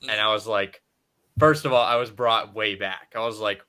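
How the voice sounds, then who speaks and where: A man chatting on a podcast, telling an animated, joking story. His voice is bright and forward. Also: on the low side, normal speed, smooth. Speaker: podcast co-host. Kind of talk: casual chat.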